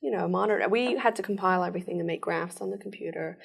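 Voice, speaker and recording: A woman giving an earnest personal account in an interview, telling it in rushed bursts. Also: on the low side, vocal fry, breathy edge. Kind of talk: personal testimony.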